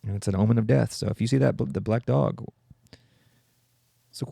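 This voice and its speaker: Man, podcast host, irreverent joking, gravelly, dark tone, dry close sound. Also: on the low side, no room sound. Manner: irreverent, joking, quick asides. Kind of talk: comedic solo podcast.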